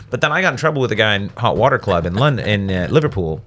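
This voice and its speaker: Fast-talking, profane comedian telling stories. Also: male voice, fairly low pitch. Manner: profane, animated, slips into put-on English accents. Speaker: comedian guest. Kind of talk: casual podcast chat, storytelling. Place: recording studio.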